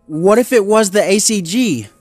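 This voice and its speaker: A man's voice: sits high, lively intonation, normal speed, darkish tone, no echo, faint music behind, pitched above the performer's own voice. A man voicing an earnest, eager young male dog.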